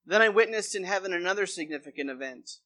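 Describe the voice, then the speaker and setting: A man's voice: high voice, lively intonation, fast talker, sharp tone. A man preaching a sermon as pastor, reading a long scripture passage aloud before explaining it.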